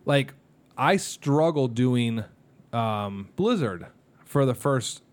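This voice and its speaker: A man's voice: medium pitch, lively intonation, slow. A man in his thirties co-hosting a casual podcast, telling candid, emotional personal stories with lots of fillers and restarts. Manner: candid, rambling, emotional storytelling with many fillers. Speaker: podcast co-host, mascot performer.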